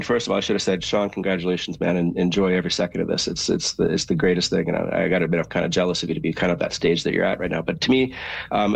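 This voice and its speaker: A man with a deep, heavily gravelly voice, talking quickly and a little huskily. He reflects earnestly as an interview guest. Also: dry recording. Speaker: guest, father of a graduate. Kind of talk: radio interview.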